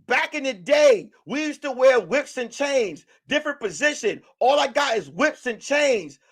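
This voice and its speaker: A man vlogger delivering a loud, mocking comedic rant straight to camera. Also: very high-pitched, animated, measured pace, husky.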